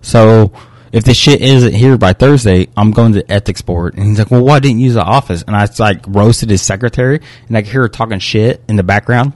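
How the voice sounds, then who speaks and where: A man's voice: lowish voice, brisk, dry recording. Heated, cursing young man. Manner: profane, heated, animated retelling. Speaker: podcast co-host. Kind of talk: casual chat, storytelling a complaint.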